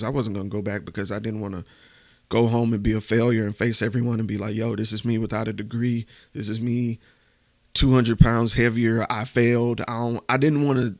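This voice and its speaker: A man podcast host telling a candid, emotional personal story, swearing casually and going hushed at the painful parts. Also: fairly low pitch, gravelly, no room sound.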